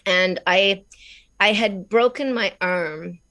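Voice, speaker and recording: A middle-aged woman with an Australian accent, telling stories in a casual interview as a voice actress guest, chatty and quick to laugh. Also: mid-range voice. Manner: warm, chatty, laughs often.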